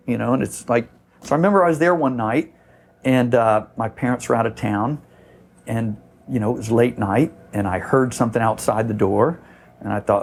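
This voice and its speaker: A man's voice: lowish voice, steady tone, a little fast, a little mellow, slight background noise. A middle-aged man from Florida, a surf shop owner, telling a long story in a casual podcast interview, rambling with many fillers. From Florida, USA. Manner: rambling, many "you know" fillers, acts out quoted voices.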